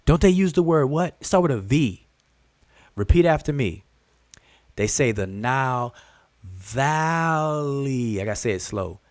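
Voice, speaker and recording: A man hosts a live-stream lesson, speaking directly to viewers with lots of repetition and direct questions, animatedly calling out "look, look" and addressing them as "y'all" and "family." His mid-range voice is a little slow, with dry, clean studio sound.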